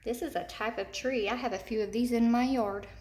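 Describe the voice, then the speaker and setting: A woman teacher giving a slow, deliberate phonics lesson to young children, repeating each word and checking in with "okay?". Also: a little high, steady tone, darkish tone. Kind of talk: recorded remote phonics lesson.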